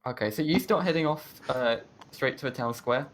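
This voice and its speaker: A man's voice: medium pitch, moderate pace. A man running a tabletop game on a stream, narrating with frequent ums, restarts and laughs. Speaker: game master.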